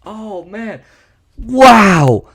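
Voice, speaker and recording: A man's voice: high voice, drawn-out words. A man hosting a podcast, delivering sarcastic, profane political rant commentary. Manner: sarcastic, profane, animated ranting. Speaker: podcast host.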